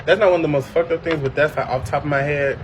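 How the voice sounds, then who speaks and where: A man telling a personal story in casual chat, animated and profane, with sudden high shrieking impressions. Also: rapid-fire, noisy background. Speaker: podcast host.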